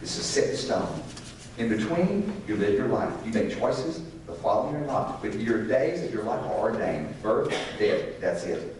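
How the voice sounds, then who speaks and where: A man's voice: mid-range voice, expressive, normal speed, darkish tone, a little hiss or hum. Older man teaching a church class from afar. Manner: conversational, asks the class questions. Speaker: Sunday school teacher. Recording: echoey room from far off.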